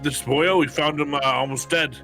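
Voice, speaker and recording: Higher-voiced, fumbling male player. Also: steady tone, over music. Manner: fumbling and apologetic, with a quick laugh. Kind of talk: tabletop role-play in character.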